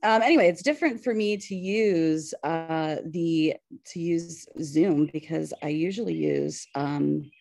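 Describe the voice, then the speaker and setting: Woman in her 40s, Pittsburgh accent, low gravelly mellow voice, hesitant teacher presenting over a video call. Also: a little slow, no room sound. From western Pennsylvania. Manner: hesitant, many fillers, nervous laughs. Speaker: high school English teacher presenting. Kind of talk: webinar presentation.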